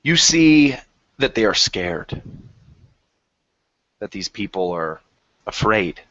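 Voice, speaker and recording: A man running a tabletop game as its game master, describing each scene in a halting way with frequent fillers. His voice is fairly low, and the recording is dry and dull, with a lo-fi quality. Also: big pitch swings, fairly bright tone, no room sound.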